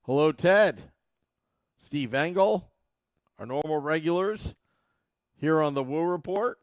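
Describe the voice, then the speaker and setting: Animated man hosting a sports podcast. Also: fairly high pitch, slow pace, clear, resonant tone, no echo, studio quality. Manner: animated, mocks fans with a put-on accent. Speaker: podcast host. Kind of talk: casual podcast monologue.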